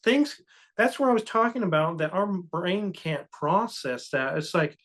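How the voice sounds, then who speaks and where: A man's voice: high-pitched, animated, a little slow, fairly bright tone. A man co-hosting a podcast, talking in an earnest, cautious, reflective way in casual chat. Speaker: co-host.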